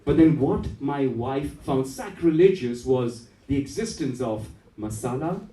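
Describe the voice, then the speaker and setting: Performing standup at a café comedy night, a man from India keeps things playful and frequently cracks up at his own material. He speaks at a measured pace in a mellow, expressive, medium-pitched voice, picked up by a distant mic in a roomy club.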